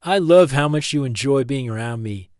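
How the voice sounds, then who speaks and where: A man reading as a gentle caring young man. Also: mid-range voice, expressive, normal speed, dry recording, clean studio sound, lightly acted. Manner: gentle, careful.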